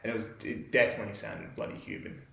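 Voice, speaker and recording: A man's voice: lowish voice, steady tone, quick pace, gravelly, pushed and bright. A young Australian man telling a camping story in a rambling, laid-back way, full of "like" fillers, as a podcast co-host. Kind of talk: casual storytelling. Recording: roomy echo.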